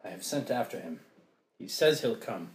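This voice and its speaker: A man's voice: animated, moderate pace, echoey room, close to an everyday voice. A man reading a flustered noble young lady in an amateur play reading, exclaiming in a raised voice. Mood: commanding. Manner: exclaiming, voice jumping up high.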